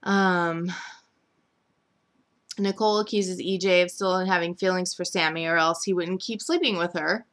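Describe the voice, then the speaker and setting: A woman's voice: fairly low pitch, fairly even intonation, moderate pace, fairly bright tone. A young woman chattily recapping a soap opera week, full of "like" and "um" fillers, briefly mimicking the characters. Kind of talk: casual recap chat.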